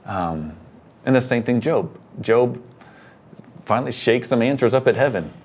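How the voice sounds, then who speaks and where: Middle-aged male pastor, average pitch, earnest and animated storyteller in a relaxed chat. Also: normal speed, slight background noise. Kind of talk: casual conversation about faith.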